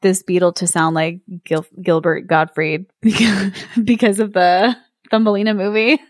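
A woman's voice: mid-range voice, steady tone, normal speed, dry recording, clean studio sound. A woman co-hosting a podcast, reacting to a story with giggly, sassy asides. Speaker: podcast co-host. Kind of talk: casual chat.

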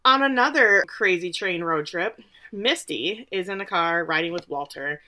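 A woman co-hosting a podcast, recapping a TV episode in a casual, animated way and acting out the characters' lines. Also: on the low side, normal speed. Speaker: podcast co-host.

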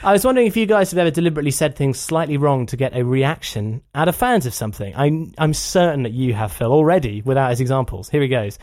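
Animated podcast host, lively pitch. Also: male voice, fast talker, hardly any pauses, dry recording, studio quality. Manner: animated, laughs often, reads emails aloud. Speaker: podcast co-host reading listener emails. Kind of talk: casual chat.

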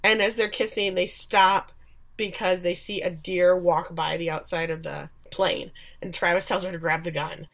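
Recapping a TV episode with her podcast co-host, the woman talks at a moderate pace in a fairly low, steady, slightly bright voice. Her chat is casual and opinionated, with the characters' lines acted out.

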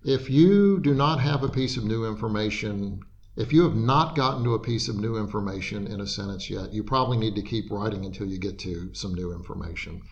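A man explaining writing principles in an interview, patient and methodical, pausing now and then to restart a thought. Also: on the low side, gravelly, muffled recording. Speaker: writing expert guest.

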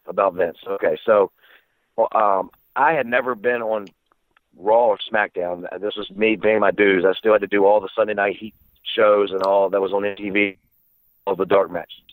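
A man's voice: on the low side, steady tone, moderate pace, no room sound. A man guesting on an interview, telling backstage stories in a candid, casual way, with plenty of fillers and swearing. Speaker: wrestling referee guest. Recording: tinny phone-line sound.

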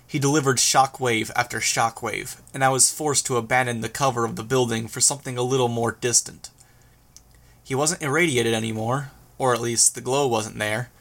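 A man reads a first-person action story aloud in a steady, even manner. His voice sits at an ordinary middle pitch for a man. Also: moderate pace. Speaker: audiobook narrator. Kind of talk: first-person audiobook narration.

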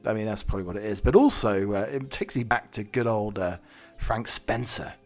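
A man's voice: on the low side, a little fast, darkish tone, faint music behind. A British man hosting a solo podcast, rambling cheekily and mocking himself. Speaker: podcast host.

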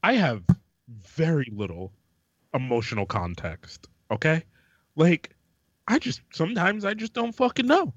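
A man co-hosting a casual podcast chat, blunt and swearing, dropping low and slow to make a point. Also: very animated, no room sound, muffled recording. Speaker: podcast co-host.

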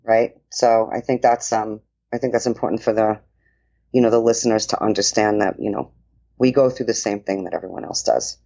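A woman with a New York accent co-hosting a casual podcast chat, talking with lots of fillers and lively quoted asides. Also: extremely low pitch, a little fast, creaky, muffled recording. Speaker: podcast co-host and dance professional.

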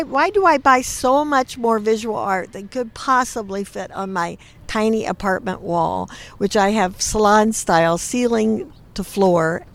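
A woman in a reflective conversation, emotional and halting, her voice catching as she searches for words. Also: medium pitch. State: teary. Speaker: interviewee, arts lover.

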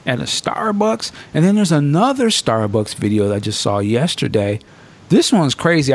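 A man hosting a podcast in casual, profane chat, with a middle-pitched voice. His pitch swings widely as he tells stories and acts out what people said, jumping high for quotes. He laughs often between lines. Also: husky. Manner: animated storytelling, acting out quotes in a raised voice. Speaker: podcast host.

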